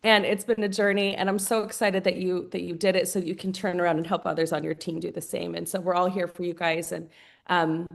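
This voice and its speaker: A woman's voice: fairly low pitch, little pitch movement, a little fast, creaky. A woman leading a sales team, talking on a group video call in an effusive, chatty way, with many fillers and restarts. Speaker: team leader of a sales business.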